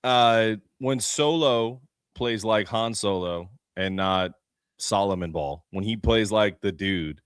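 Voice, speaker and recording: A man's voice: lowish voice, a bit bright, clean tone, no echo, clean studio sound. A man co-hosting a sports podcast, laid-back as he breaks down basketball plays. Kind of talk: casual sports podcast chat.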